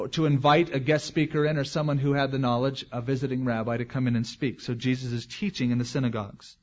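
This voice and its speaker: A man's voice: fairly high pitch, muffled recording. A man as pastor, preaching a verse-by-verse expository sermon in a conversational way with joking asides.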